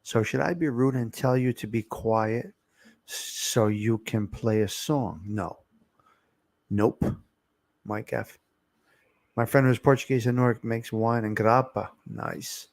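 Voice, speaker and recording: This livestream host, an Italian-American from New Jersey, chats casually while reading live comments and asking viewers how his microphone sounds. His mid-range voice is gravelly, recorded dry on a close desk mic.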